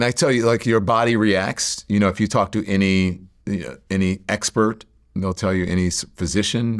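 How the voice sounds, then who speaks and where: A middle-aged man telling his life story in a sit-down interview, reflective and halting, with many fillers and restarts. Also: low voice. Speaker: interview guest.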